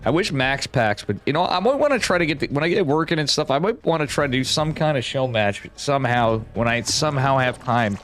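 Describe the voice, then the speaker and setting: A man's voice: medium pitch, lively intonation, fairly quick, few pauses, a bit bright, soft background music. A man casting an esports match, chatting casually with a rambling, joking manner and frequent swearing. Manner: rambling, jokey, swears freely. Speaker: esports caster.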